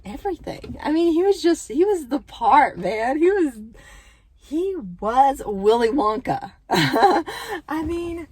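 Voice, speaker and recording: A woman's voice: high voice, very animated, measured pace, dark tone, dry recording. A woman, chatting casually about books she read and gushing over them with lots of filler words. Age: 30s. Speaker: book vlogger and mother. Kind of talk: casual book review chat.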